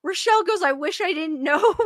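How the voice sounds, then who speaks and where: A woman's voice: very high voice, lively intonation, normal speed, dry recording. A woman hosting a casual livestream, reading viewer comments aloud and answering them defensively, laughing often and restarting sentences. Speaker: livestream host reading chat.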